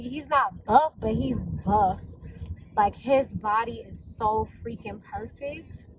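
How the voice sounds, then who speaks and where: A woman's voice: fairly high pitch, takes it slowly, background noise. A woman vlogging in a casual, confessional way, chatty and gushing as she talks to her viewers.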